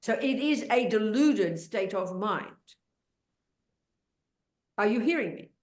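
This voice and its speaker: A woman's voice: medium pitch, lively intonation, slow. An older woman teaching Buddhist ideas in a blunt, emphatic way, cutting in on her student with questions. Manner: blunt, interrupting, emphatic, talks over the questioner. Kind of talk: dharma teaching, question and answer. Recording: roomy echo.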